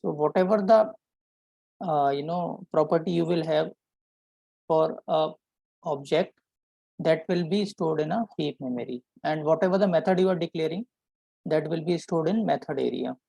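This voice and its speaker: Mellow-voiced man teaching code. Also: fairly high pitch, normal speed, gravelly, dry recording, poor audio. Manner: explains step by step, often checks in with a "right?". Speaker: programming instructor. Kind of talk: live coding lesson.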